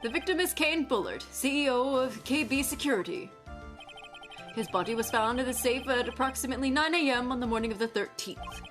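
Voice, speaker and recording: A woman's voice: sits high, a little fast, over music, close to an everyday voice. A woman reading the lines of a fussy, easily confused old male judge in formal courtroom phrasing.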